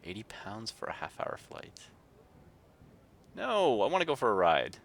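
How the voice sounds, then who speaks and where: Low gravelly man reading games live. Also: sing-song, moderate pace, fairly bright tone, a little hiss or hum. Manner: casual, chatting with viewers between readings. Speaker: streamer. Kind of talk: reading game text aloud on a livestream.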